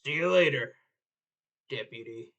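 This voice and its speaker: A woman voicing a laid-back cowboy sheriff from a game, low and drawling, reading dialogue on a stream. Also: measured pace, a bit bright, lo-fi sound, full character voice. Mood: easygoing.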